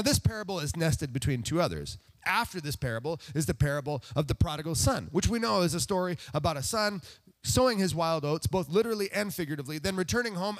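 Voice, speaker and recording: Male pastor, somewhat high voice with lively, swooping pitch; chatty sermon full of rhetorical questions and self-deprecating asides. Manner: conversational, asks the congregation rhetorical questions.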